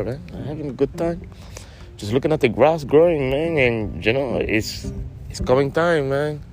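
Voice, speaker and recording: A man's voice: a little high, voice pushed up, lightly acted. A man doing a rambling stoner buddy who says "man" constantly. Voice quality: ends nearly every phrase with "man", rambling and loud. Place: outdoors in a backyard.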